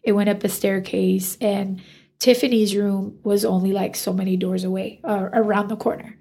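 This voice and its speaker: A woman's voice: mid-range voice, normal speed, gravelly. A woman, a hairstylist, telling a story in a casual interview and acting out the dialogue. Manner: animated, acts out quoted dialogue. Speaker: hairstylist guest.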